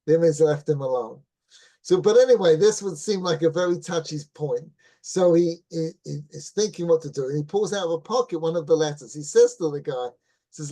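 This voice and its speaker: Fairly quick and fairly high-pitched, a middle-aged rabbi spins a relaxed anecdote for his Torah class, restarting lines along the way. He keeps asking "right?" and "you follow?" to stay connected with his listeners.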